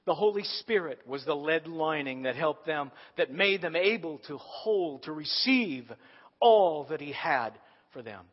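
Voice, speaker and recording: High-voiced male preacher in a hall. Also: expressive, unhurried, breathy edge. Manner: storytelling preacher, swinging between soft asides and emphatic lines. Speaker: pastor. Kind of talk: sermon. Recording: dull audio from a long-reverb hall.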